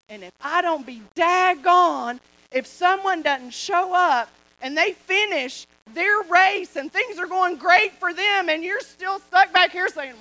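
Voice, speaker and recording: A woman preacher telling a personal story to a congregation with animated, repetitive storytelling. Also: very high voice, unhurried, poor audio. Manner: animated storytelling, repeats phrases. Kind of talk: sermon testimony.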